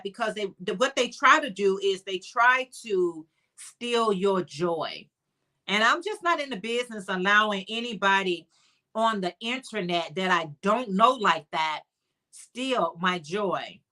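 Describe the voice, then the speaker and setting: A woman's voice: mid-range voice, pushed and bright. Chatty woman with a Chicago accent. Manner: chatty and upbeat, greets viewers by name, calls them honey. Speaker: livestream host. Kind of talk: casual livestream chat, reading viewer comments.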